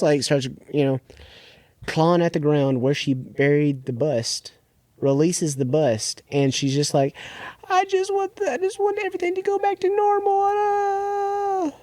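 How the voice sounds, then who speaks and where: Mellow-voiced man rambling casually. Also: mid-range voice, no room sound. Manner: rambling retelling with filler words and acted-out quotes. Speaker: podcast co-host. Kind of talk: casual chat.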